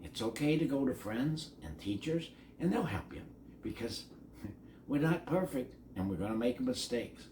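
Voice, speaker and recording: A man's voice: medium pitch, lively intonation, moderate pace, a little mellow, a little hiss or hum. An older man reading a picture book aloud to children, adding chatty asides to his young listeners. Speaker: storybook reader. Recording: echoey room.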